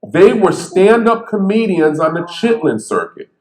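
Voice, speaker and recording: A man's voice: high voice, a little slow. Storytelling man on an echoey stage. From Bridgeport, Connecticut. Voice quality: stutterer. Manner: animated, conversational, acts out quotes. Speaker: speaker telling stories on stage. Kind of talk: storytelling talk. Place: theater stage. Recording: echoey theater.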